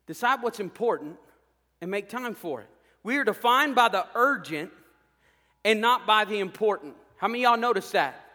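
A man preaches a sermon in a folksy, joking way, pushing his points with emphatic, rising peaks. His voice sits high and sounds bright and forceful. The sound carries a long reverb from a big hall. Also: animated, normal speed. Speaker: pastor.

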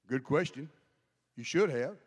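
A man's voice: mid-range voice, slightly rough. A man preaching a sermon, chatty, asking the congregation questions as he goes. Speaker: pastor. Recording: long hall reverb.

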